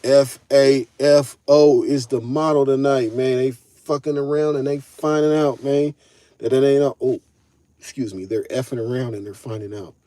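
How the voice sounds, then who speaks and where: A man's voice: mid-range voice, fairly even intonation, normal speed, warm tone, no room sound. A man hosting a live stream, talking loosely in slang and answering his chat. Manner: loose slangy talk, addresses chat directly. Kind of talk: casual live-stream commentary.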